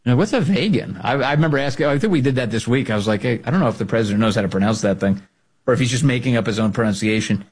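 A man with a mid-pitched, husky voice hosts a casual political commentary show. He talks in a mocking, animated way, with sudden jumps up into a high voice to land a point. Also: racing. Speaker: podcast host.

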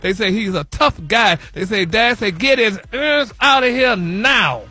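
A man's voice: sits high, lively intonation, measured pace, sharp tone, soft background music, exaggerated voice. A man playing a flamboyant, sassy gossip host on a morning radio show, calling everyone honey and y'all. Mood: gossipy. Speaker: celebrity gossip correspondent. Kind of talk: comedic radio gossip bit.

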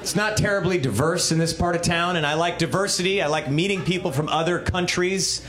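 A man doing a stand-up comedy set with a wry, deadpan delivery, recorded live in a club. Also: high voice, brisk, roomy sound, a crowd in the background.

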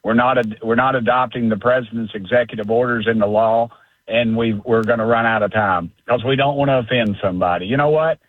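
A man's voice: mid-range voice, steady tone, a little fast, dry recording. A man, a congressman calling in, talking politics in a blunt, folksy, indignant way over the telephone. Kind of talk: fiery phone-in political talk. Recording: tinny phone line.

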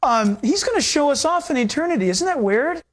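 Brief: male pastor, sermon delivery, lively and animated, acts out dialogue. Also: very high voice, a little fast. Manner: animated, acts out quoted voices with laughter.

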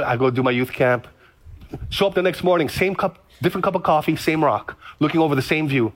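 A male pastor from Hawaii, telling stories in a lively sermon and repeating phrases. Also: fairly high pitch, fast. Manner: storytelling, animated, repeats phrases.

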